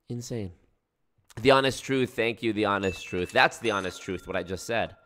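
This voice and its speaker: A young man hosting a casual livestream, reacting to chat in a profane, animated way. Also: on the low side, normal speed. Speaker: livestream host.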